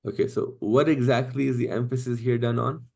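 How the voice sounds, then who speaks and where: A man's voice: mid-range voice, fairly even intonation, brisk, creaky, darkish tone. A man teaching an online class, explaining step by step and often checking in with "right?" and "okay?". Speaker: Quranic Arabic teacher.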